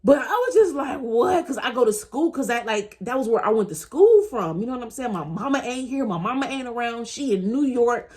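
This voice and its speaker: A woman's voice: a little high, lively intonation, a little fast, hardly any pauses, darkish tone. A woman in her thirties telling a personal story to her viewers in a casual, chatty way, often speaking straight to them and laughing as she goes. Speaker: vlogger.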